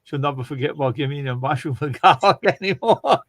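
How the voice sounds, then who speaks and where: A man's voice: on the high side, quick pace, fairly bright tone, dry recording. A man casually telling long, rambling funny stories on a livestream and laughing as he goes. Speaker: livestream host. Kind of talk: casual storytelling chat.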